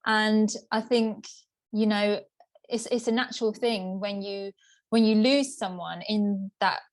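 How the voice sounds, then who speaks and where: A woman's voice: mid-range voice, steady tone, unhurried. A woman co-hosting a casual podcast chat, candid and chatty. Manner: candid and chatty, laughing between thoughts. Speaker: podcast co-host.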